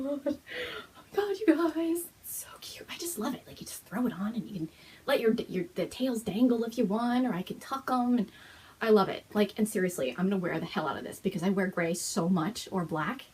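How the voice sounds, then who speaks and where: A woman hosting a knitting podcast, showing things on camera in a gushing, excited chat, with frequent gasps and whispered exclamations. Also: mid-range voice, husky. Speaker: host of a knitting and fiber podcast. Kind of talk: excited casual show-and-tell chat.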